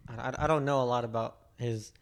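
A man's voice: medium pitch, steady tone, quick pace, vocal fry, a crowd in the background. A young man chatting casually with friends, speaking hesitantly and often restarting his sentences. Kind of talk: casual chat.

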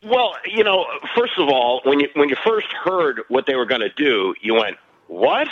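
A man calling in as a guest over the phone, chatting about sports in a lively, conversational way. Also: on the high side, moderate pace, no room sound. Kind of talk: casual sports talk. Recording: muffled phone line.

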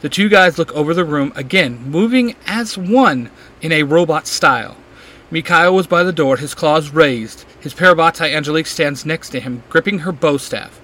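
A man's voice: a little high, moderate pace, bright, forceful tone, soft background music, poor audio. A man narrating a fan fiction story aloud, reading steadily and acting out the dialogue. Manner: reads steadily, acts out the dialogue.

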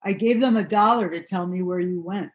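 A woman's voice: fairly low pitch, a little fast, natural voice. A woman voicing a winded, concerned male transit cop in an earnest, worried tone within a memoir reading.

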